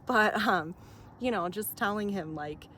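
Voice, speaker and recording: A woman's voice: medium pitch, measured pace, pushed and bright, slight background noise. A woman vlogger telling a personal story outdoors in a chatty way, full of fillers, frequent laughs and swearing.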